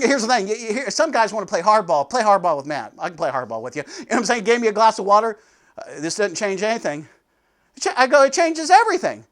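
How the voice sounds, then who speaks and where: A man giving a devotional sermon, telling a story with sudden swings between loud and soft. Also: sits high. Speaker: pastor.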